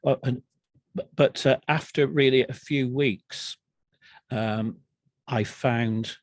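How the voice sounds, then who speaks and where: Husky middle-aged man. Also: mid-range voice, a little mellow, no room sound. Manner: frank, halting and self-deprecating. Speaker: guest sharing recovery story. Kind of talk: candid personal storytelling.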